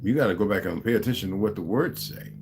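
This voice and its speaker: A man's voice: lowish voice, lively intonation, fast, creaky, a little mellow, a little hiss or hum. A man hosting a livestream, talking in a casual rambling monologue and acting out the people in his stories. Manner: storytelling, acting out quoted dialogue. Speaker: livestream host.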